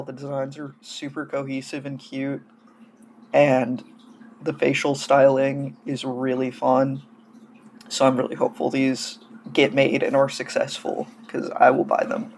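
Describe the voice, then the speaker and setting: A man's voice: mid-range voice, a little mellow, a little hiss or hum. A man casually gushing and rambling through hobby news in a vlog, coming down with a cold and sounding feverish. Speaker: doll-hobby vlogger.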